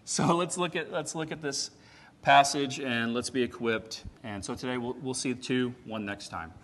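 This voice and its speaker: A man preaching a sermon in a conversational, animated way, swinging from loud emphatic peaks to quiet asides. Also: mid-range voice, moderate pace. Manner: animated, conversational, with frequent "right?" and "like".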